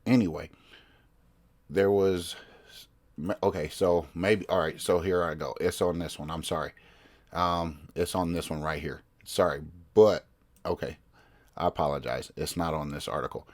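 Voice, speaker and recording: Podcast host, male, very low voice; casual, rambling news commentary that keeps breaking off to search the page. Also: fairly even intonation, normal speed. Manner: rambling, self-interrupting, reads articles aloud.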